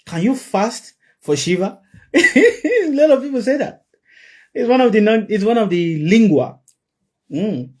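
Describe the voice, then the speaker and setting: A man's voice: high-pitched, sing-song, measured pace, a little mellow. A man giving an emphatic spiritual sermon to a live audience, repeating his key phrases for effect. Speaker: spiritual teacher.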